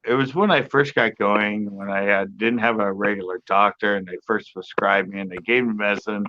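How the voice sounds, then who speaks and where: A middle-aged man in casual storytelling on a podcast panel, rambling and animated as he acts out other people's lines. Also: fairly low pitch, brisk, no room sound. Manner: rambling, animated retelling with quoted voices. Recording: muffled lo-fi audio with background noise.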